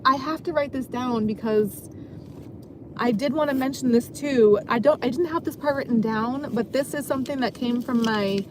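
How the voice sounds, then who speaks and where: A woman's voice: high-pitched, noisy background. Chatty, self-mocking woman in a car. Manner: chatty, self-deprecating, laughs often. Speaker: vlogger and dancer. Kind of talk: rambling casual monologue. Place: parked car.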